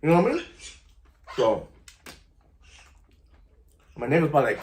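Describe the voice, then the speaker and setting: Laid-back vlogger man, lively voice. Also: a little high, moderate pace, reverberant. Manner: laid-back, slangy, keeps saying "you know" and "vato". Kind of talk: casual storytelling to camera.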